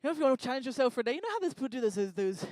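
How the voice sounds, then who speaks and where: A woman's voice: high voice, dry recording. Teasing woman working a crowd. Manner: energetic, teasing, bossy and quick to joke. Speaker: stage performer working the crowd. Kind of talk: improvised stage crowd work. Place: live talk stage before an audience. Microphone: handheld microphone.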